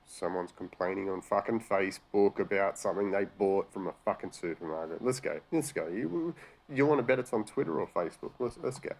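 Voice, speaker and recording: Australian male host, low register, profane, sarcastic, exasperated commentary. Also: a little fast, gravelly, darkish tone. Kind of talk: profane rant reacting to news articles.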